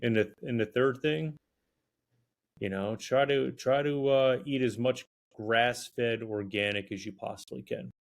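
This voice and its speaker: A man's voice: medium pitch, measured pace, creaky. A man on a health podcast explaining his advice in casual talk, earnest and repeating his key points. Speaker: podcast co-host, health guest expert.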